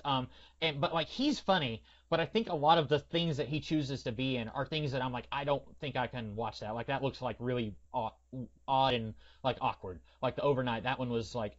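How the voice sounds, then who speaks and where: A man's voice: mid-range voice, brisk, dull audio. Hesitant man, rambling podcast talk. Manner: hesitant and rambling, many fillers. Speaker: podcast co-host. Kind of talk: casual film review chat.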